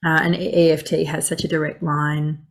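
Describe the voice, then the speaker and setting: Lower-voiced woman hosting a chat. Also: flat delivery, normal speed. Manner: enthusiastic, repeats praise, soft low trailing phrases. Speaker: host, coach and healer. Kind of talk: casual conversational interview.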